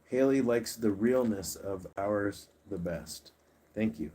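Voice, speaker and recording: A man with a fairly low voice hosts a casual livestream. He coaxes his pets along and chats easily with the viewers. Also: a little slow, mellow, slight background noise. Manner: coaxing, chatty, talks to his pets and reads viewer comments. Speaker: pet channel host.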